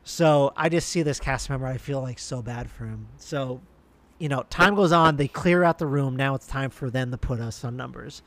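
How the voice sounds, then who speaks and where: A man's voice: mid-range voice, moderate pace, a bit bright. Rambling man telling a casual anecdote. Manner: rambling, full of restarts and fillers.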